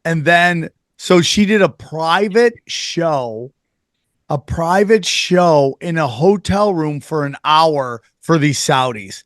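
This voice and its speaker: A man with a slightly raised pitch, heard dry and close to the mic. He banters as a podcast co-host and spins the talk into comic riffs and imagined scenes. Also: lively intonation, slow, no room sound.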